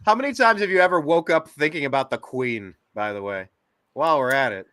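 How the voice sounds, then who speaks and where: A man hosting a casual podcast chat, joking and animated. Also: fairly high pitch, fairly quick, smooth. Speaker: host.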